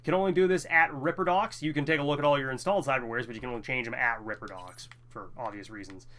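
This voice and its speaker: A man's voice: mid-range voice, fast, bright, forceful tone. A man giving casual, rambling commentary while playing a video game, often tripping over words. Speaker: let's play host.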